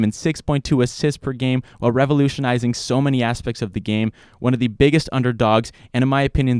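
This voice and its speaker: A young man hosts a studio sports show, his voice smooth and resonant and the sound close and dry. He talks with eager, emphatic enthusiasm. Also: medium pitch, darkish tone, no echo.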